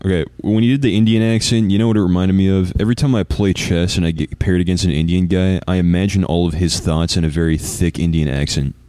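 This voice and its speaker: A young man with a very low voice trades dark, dry jokes with friends on a podcast. The sound is close and dry, with no room in it. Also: fairly even intonation, fast, hardly any pauses, no room sound. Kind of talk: casual banter among friends.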